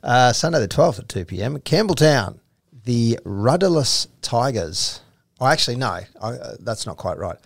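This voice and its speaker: A man's voice: medium pitch, lively intonation, a little fast, vocal fry, hardly any pauses, dry recording, studio quality. An Australian man hosting a casual podcast, reading out fixtures and betting odds with jokes along the way. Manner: reads out fixtures and odds, jokey. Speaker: podcast host. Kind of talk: casual sports tipping chat.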